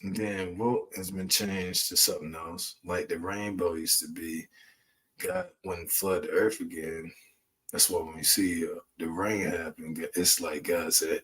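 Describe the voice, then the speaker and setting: Man, lowish voice, preaching hard with loud profane outbursts. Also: fairly even intonation, measured pace. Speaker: channel host. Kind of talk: impassioned spoken monologue.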